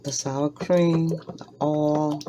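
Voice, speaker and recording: In her home kitchen, a cooking vlogger demonstrates a recipe casually, talking directly to her viewers and going over each step again. Her voice is deep with fairly even intonation and drawn-out words, and dishes and utensils clatter noisily nearby.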